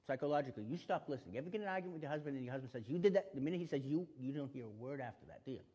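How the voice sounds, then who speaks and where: A man giving a spoken lesson on staying safe, animated and acting out the exchanges he describes. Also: mid-range voice, rapid-fire, husky. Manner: animated, acts out quoted exchanges. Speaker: self-defense instructor. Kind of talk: spoken teaching talk. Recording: long reverb of a hall.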